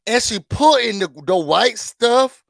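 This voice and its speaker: A man hosting a casual reality-show recap, chatty and animated, laughing and throwing in dramatic asides. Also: extremely high pitch, slow pace, vocal fry, no echo. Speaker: YouTube host.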